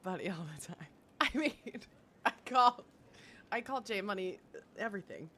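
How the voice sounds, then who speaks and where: A woman's voice: mid-range voice, very animated, normal speed, pushed and bright. A woman streamer chatting casually with viewers, giggly and full of fillers. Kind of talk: casual chat.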